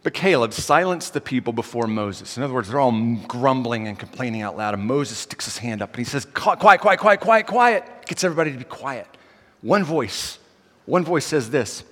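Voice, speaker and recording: A man preaching a sermon, his voice swinging from loud passages to quiet, intimate ones. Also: mid-range voice, fairly quick, big-room sound. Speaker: pastor.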